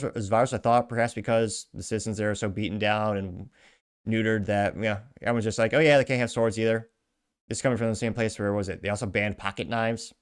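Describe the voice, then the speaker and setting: A man hosts a commentary show with a somewhat low voice. He reads viewer comments aloud and answers them in an indignant, sarcastic rant. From United States. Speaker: host. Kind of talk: commentary reading social media comments.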